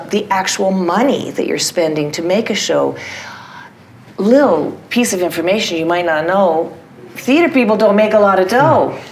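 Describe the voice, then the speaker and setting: Low-voiced, animated woman theatre director. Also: slight background noise. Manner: animated, self-deprecating, frequent restarts. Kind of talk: conversational interview answers.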